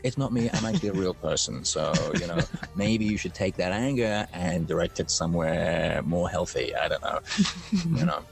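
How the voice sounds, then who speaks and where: Male actor guest, low voice, casual and self-mocking, halting delivery. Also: creaky, soft background music. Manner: self-deprecating, joking, with many restarts. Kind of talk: casual interview chat.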